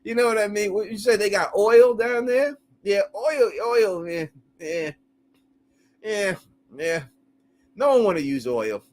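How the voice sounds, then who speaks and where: Excitable high-voiced male host. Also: unhurried. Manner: animated, laughs often, crude slang. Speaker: live-stream host. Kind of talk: casual call-in chat.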